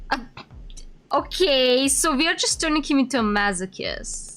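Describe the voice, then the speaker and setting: A woman's voice: high voice, expressive, normal speed, fairly bright tone, soft background music. A woman streamer playing a game, reading its text aloud and reacting as she goes. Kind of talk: casual game commentary.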